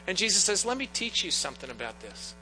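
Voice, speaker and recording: A middle-aged pastor delivers an earnest, story-driven sermon in a bright, ringing voice pitched a little high. His words echo through a church with long reverb, and a faint mains hum sits underneath. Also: very animated, fast talker. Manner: earnest, storytelling with personal anecdotes. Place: church sanctuary.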